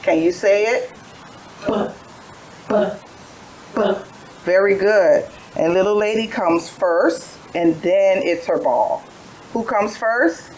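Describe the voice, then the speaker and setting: A woman's voice: mid-range voice, takes it slowly, a little mellow, a little hiss or hum, poor audio. A tired woman teaching a phonics lesson to young children, telling little stories with letter sounds in a patient sing-song way. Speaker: preschool teacher.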